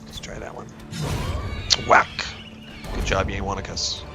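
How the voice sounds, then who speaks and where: A man's voice: deep voice, completely flat delivery, unhurried, over music. A man in his thirties with a sniffly cold, chatting casually and rambling as he plays a video game and talks to his characters. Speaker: gaming YouTuber and teacher. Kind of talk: let's play commentary.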